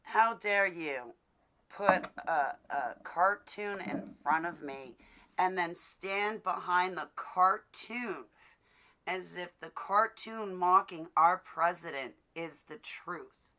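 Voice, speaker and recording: A woman's voice: fairly low pitch, takes it slowly. A woman talking straight to the camera in a casual rant, emphatic and indignant, laughing now and then. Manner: emphatic and indignant, swings from loud to quiet; laughs between remarks. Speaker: vlogger. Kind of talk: casual ranting monologue.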